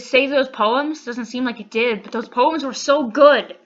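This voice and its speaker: A woman's voice: sits high, unhurried, few pauses, dull audio. A woman playing a visual novel who reads its text aloud and reacts with blunt, swear-heavy, teary commentary. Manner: emotional, swears a lot, blunt. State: teary after crying. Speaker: let's play gamer. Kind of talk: casual gameplay commentary, reading game text aloud.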